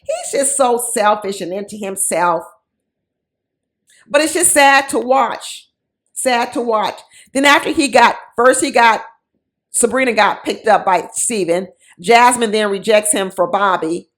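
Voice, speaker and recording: A woman's voice: a little high, a little slow, a bit bright. A woman giving casual, sassy commentary on a reality show, mocking the people in it with quoted voices.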